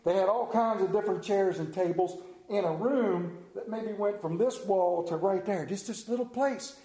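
A man telling a folksy story with a dramatic, drawn-out delivery and slowed emphasis. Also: high voice, warm tone. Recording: roomy echo.

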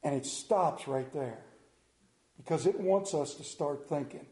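A male pastor preaches in an animated, self-deprecating way, acting out the scripture as he goes. His voice sits fairly high. The sound carries a roomy echo from the hall. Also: a little slow. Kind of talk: sermon.

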